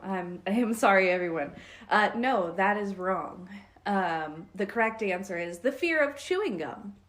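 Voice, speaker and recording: A woman's voice: mid-range voice, expressive, a little slow, fairly bright tone. A woman co-hosting a podcast with her husband, teasing him and laughing often in casual chat. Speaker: podcast co-host.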